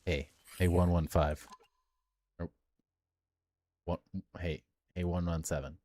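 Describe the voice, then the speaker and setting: A man's voice: sits low, little pitch movement, slow pace, mellow, a little hiss or hum. A man streaming a game live, chatting casually and joking back at his chat.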